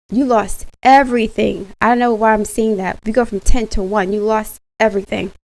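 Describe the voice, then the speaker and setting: A woman giving a casual tarot reading straight to her viewers, animated and slangy, laughing often. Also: medium pitch, normal speed, few pauses, rough recording. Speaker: tarot reader.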